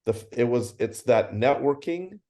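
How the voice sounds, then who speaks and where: A man's voice: medium pitch, normal speed. A middle-aged man, a convention founder, telling stories in a casual interview and acting out the dialogue in them. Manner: animated storyteller acting out dialogue.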